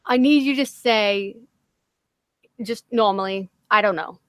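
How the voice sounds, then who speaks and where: A young woman with a slightly boyish, nasal voice chats on a livestream. She is animated and self-mocking and swears freely. Her voice sits mid-range and sounds dry and close to the mic. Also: medium pitch, unhurried, smooth, no room sound. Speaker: livestream co-host. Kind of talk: casual livestream chat.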